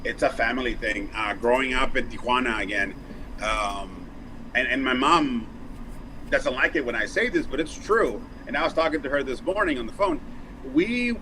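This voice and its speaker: A baseball broadcaster in his 40s from Mexico guests on a casual interview, storytelling with lots of energy, acting out quotes and making quick restarts. His voice is mid-range, and the background is noisy.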